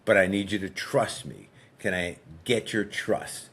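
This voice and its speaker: A man, a podcast guest and fitness coach, telling a story in a relaxed, conversational way and acting out dialogue as he goes. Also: deep voice, measured pace, breathy edge. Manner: frequent fillers and restarts.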